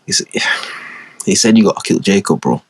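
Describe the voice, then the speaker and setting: A man's voice: low voice, animated, darkish tone, breathy edge, no room sound, voice pushed down, heavily acted. Man playing a hesitant, weary angel messenger. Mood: reluctant. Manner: hesitant, halting, apologetic.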